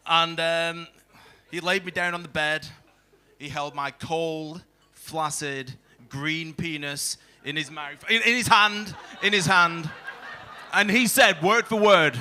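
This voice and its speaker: High, bright crude stand-up comic man. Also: slow. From England. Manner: crude, self-mocking, heckling the crowd. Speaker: stand-up comedian. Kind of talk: stand-up set. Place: comedy club stage.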